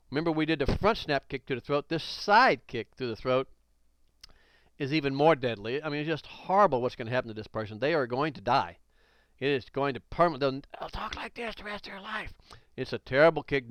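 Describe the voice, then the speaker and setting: A man's voice: mid-range voice, clear, resonant tone, no echo. Emphatic karate instructor man. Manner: emphatic, blunt, repetitive warnings with exclamations. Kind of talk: instructional video narration.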